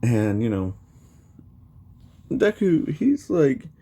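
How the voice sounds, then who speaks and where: A man's voice: mid-range voice, wildly swooping pitch, very slow, mellow, husky. A man casually retelling a fan story, rambling with many fillers.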